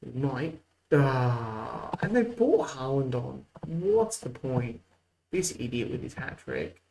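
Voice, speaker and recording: A man's voice: medium pitch, big pitch swings, slow pace, gravelly, darkish tone, slight background noise, rough recording. A man hosting a let's-play video, mixing mock play-by-play calls with muttered asides. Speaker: host. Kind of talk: casual let's-play game commentary.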